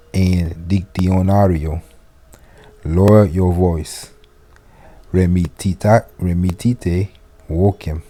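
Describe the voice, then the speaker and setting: A man teaching spoken classroom phrases, giving each in English and then repeating it slowly and deliberately. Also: sits low, warm tone. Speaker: Latin teacher. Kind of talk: slow classroom phrase lesson.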